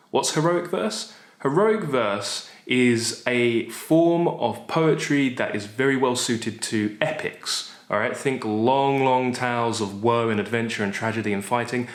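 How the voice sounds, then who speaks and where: A man teaching poetry in a chatty, enthusiastic way, asking and answering his own questions as he goes. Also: mid-range voice. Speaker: literature teacher. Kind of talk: explaining poetry to camera. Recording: roomy echo.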